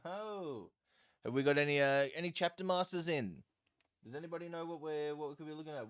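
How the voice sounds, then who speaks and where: A man's voice: mid-range voice, a little fast, clear, resonant tone. Rambling man chatting while painting. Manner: rambling, self-deprecating, full of fillers. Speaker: streamer. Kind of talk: casual live-stream chat while painting.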